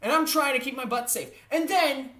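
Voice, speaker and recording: A woman telling a comic personal story in an animated, exaggerated way, often checking in with her listeners and tossing in mild curses. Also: high-pitched, a little fast. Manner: animated and exaggerated, with frequent "all right?" check-ins; mild exasperated cursing.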